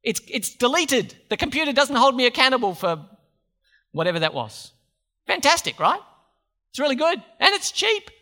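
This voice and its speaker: A man's voice: extremely high pitch, sing-song, moderate pace, bright, forceful tone. A man preaching a sermon, conversational, with joking asides to the congregation.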